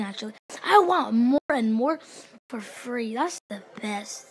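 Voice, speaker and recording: A woman giving excited gameplay commentary as a gaming channel host, gushing and repeating her exclamations, swinging between loud cheers and mumbled asides. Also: fairly high pitch, a little slow, breathy edge.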